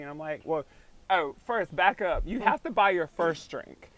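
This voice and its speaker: High-voiced animated male podcast host. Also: moderate pace, rough recording. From North Carolina. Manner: animated storyteller, laughs often, acts out quotes. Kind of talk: casual chat.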